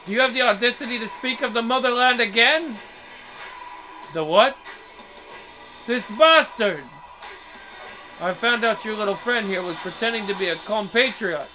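A man voicing a stern Russian woman who runs a fake police station, speaking in a put-on Russian accent with indignant, drawn-out words. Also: very high-pitched, pushed and bright, faint music behind, low-quality recording. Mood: outraged.

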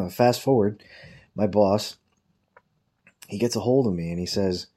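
His voice is lowish and darkish with a breathy edge, and he takes his time. He's rambling through a profane story from his job in a relaxed way, putting on mocking voices to quote the people he works with.

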